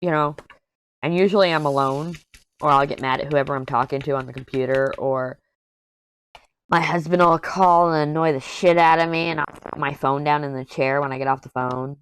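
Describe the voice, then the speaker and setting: Low-voiced blunt woman chatting. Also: fairly even intonation, normal speed, clean tone. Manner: blunt, candid storytelling with frequent asides. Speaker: diamond painting vlogger. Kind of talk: casual chat while crafting. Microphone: headset.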